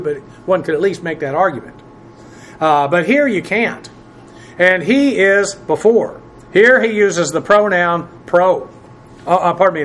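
A man teaching a Bible passage word by word from the Greek, spelling terms letter by letter and filling pauses with "uh". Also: high voice, a bit bright, slight background noise. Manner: spells out Greek words letter by letter, many "uh" fillers; presses emphatic points with rising force.

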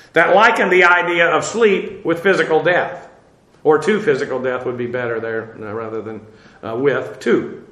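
A man with a high, bright voice teaches through the Bible verse by verse. His delivery is casual and full of "uh"s, and he tosses dry, wry remarks to his audience. Echo rings through the room.

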